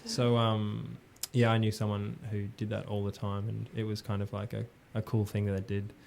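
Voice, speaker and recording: A man's voice: lowish voice, moderate pace, gravelly, slight background noise. A young Australian man, a musician guest, chatting loosely in a radio studio and laughing often. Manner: relaxed, rambling, laughs often. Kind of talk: casual interview chat.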